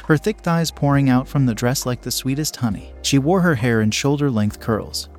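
A young man narrating a first-person story in a steady, plain reading. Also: mid-range voice, normal speed. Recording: faint background music.

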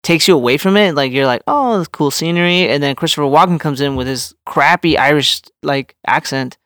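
A young man rambles through a casual podcast chat, piling up fillers and restarts. His voice is smooth and clean and sits a little high. The sound is close and dry. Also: a little fast, fairly bright tone, no echo. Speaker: podcast co-host.

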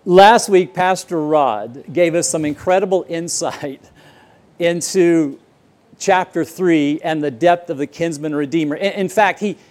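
A man's voice: a little high, a little slow, darkish tone. A man preaching a sermon in a church, telling a story earnestly and repeating words as he restarts sentences. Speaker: pastor. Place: church auditorium.

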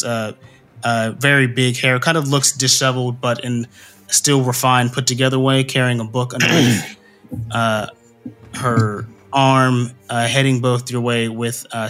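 A man's voice: mid-range voice, a bit bright. A man narrating a tabletop game as game master, hesitant and full of ums and uhs.

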